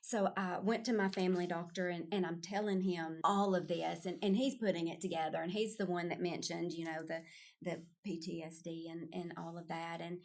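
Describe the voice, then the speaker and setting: A woman's voice: fairly low pitch, fairly even intonation, normal speed, a little mellow. A middle-aged woman, a podcast guest telling a personal story in casual conversation, earnest and full of restarts. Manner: earnest, storytelling with quoted voices.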